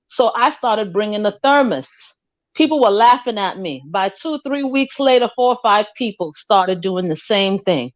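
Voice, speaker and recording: A woman's voice: medium pitch, lively intonation, moderate pace, dull audio. A woman in a discussion, telling an anecdote and acting out quotes. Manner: storytelling, acts out quotes. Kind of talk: casual discussion.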